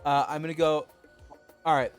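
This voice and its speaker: Male game master, casual and halting narration, slightly high voice, faint music behind. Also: steady tone.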